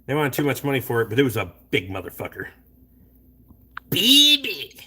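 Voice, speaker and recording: Rapid-fire and husky, this mid-range male voice belongs to a middle-aged livestream host who rambles late at night, answers chat, and talks bluntly with lots of cursing.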